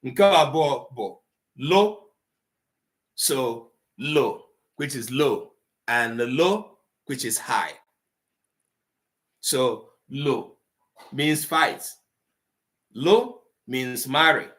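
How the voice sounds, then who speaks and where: Slow, deliberate man teaching. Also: expressive, a bit bright. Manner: slow, deliberate teaching, mixing English and Igbo; sounds out syllables with high and low tones. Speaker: Igbo language teacher. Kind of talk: live online language class.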